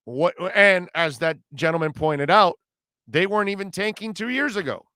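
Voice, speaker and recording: A man hosting a live sports talk radio show, reading listener comments and reacting in an animated, emphatic way, often repeating himself. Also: high voice, moderate pace, clear, resonant tone, no room sound, clean studio sound. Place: radio studio.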